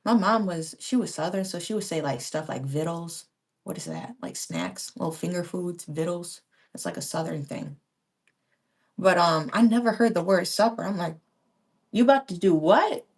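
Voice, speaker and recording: Speaking into a small pink handheld mic held far away, a woman in her thirties crafts at home by a window and chats loosely with live-stream viewers. She's a crafting vlogger whose low, husky voice is animated and moderately paced, and she rambles with slangy asides.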